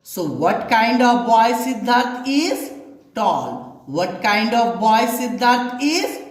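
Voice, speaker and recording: Woman grammar teacher, fairly high voice with lively pitch, posing and answering her own questions. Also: slow pace. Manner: asks questions and answers them herself, repeating each example. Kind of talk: classroom-style grammar lesson. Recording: very echoey room.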